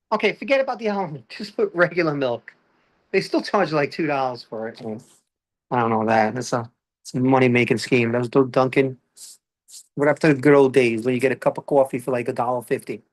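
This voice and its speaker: A man with a Brooklyn accent doing a stand-up comedy routine, animated and chatty, peppering his talk with "all right" as he addresses the audience. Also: on the high side. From Brooklyn, New York.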